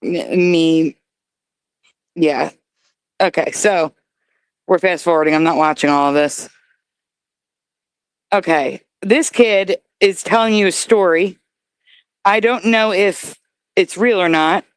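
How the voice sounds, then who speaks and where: A woman's voice: lowish voice, slow pace, long pauses, clean tone, dry recording. A woman hosting a live stream, chatting casually and skeptically while reading viewer comments aloud. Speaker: host reacting to videos.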